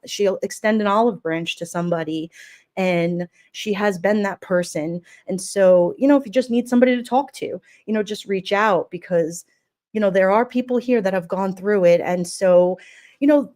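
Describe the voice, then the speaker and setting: A woman hosting a livestream, talking warmly and emotionally in a rambling way and reading chat comments aloud. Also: medium pitch. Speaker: livestream host. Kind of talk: casual livestream memorial talk.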